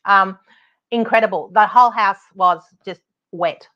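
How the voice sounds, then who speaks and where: A middle-aged woman with an Australian accent, hosting a podcast and telling a story in a casual, animated, exasperated way, laughing often and swearing now and then. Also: medium pitch, measured pace. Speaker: podcast host, property advocate. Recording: dull lo-fi podcast audio.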